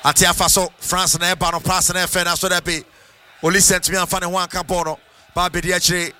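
A man with a Ghanaian accent calling a football match live on radio, in a sing-song, excitable delivery that mixes English with Twi. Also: high-pitched, fast. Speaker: play-by-play commentator.

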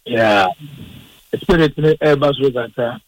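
A man phoning in to a sports radio show, animated and indignant, rambling and repeating himself. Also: mid-range voice, slow, no echo, rough recording. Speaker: caller. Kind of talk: call-in radio football opinion.

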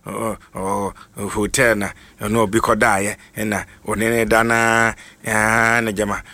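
A man's voice: on the low side, level tone, pushed and bright, no echo. A man presenting radio news informally, often stuttering and restarting his words, with music playing underneath. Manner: halting, frequent stutters and restarts.

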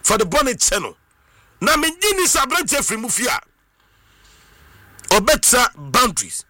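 A man with a Ghanaian accent gives an excitable, animated monologue, mixing Twi and English and breaking into shouts and sing-song. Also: very high voice, quick pace.

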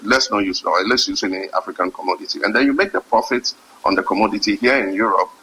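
A man giving a formal speech as a head of state, measured and emphatic, slowing down to stress his points. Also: fairly low pitch, bright, forceful tone, slight background noise, rough recording.

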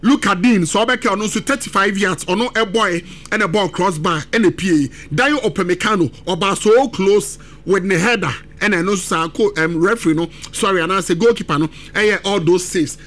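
This football pundit speaks fast on a radio talk show, barely pausing as he mixes Twi and English. His voice is high and fairly bright. He analyzes the sport emphatically, hopping between languages.

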